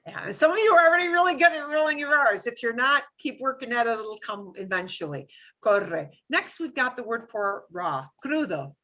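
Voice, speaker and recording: Lively, bright-voiced woman teaching. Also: fairly high pitch, moderate pace. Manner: patient, explains step by step; repeats words for students to echo. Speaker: Spanish teacher. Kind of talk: beginner language lesson.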